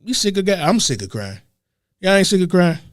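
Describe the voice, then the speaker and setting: A man co-hosting a talk show, ranting with heavy profanity and swinging between loud and soft. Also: sits high, big pitch swings, fairly quick, no echo, studio quality. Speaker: podcast co-host. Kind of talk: heated casual talk.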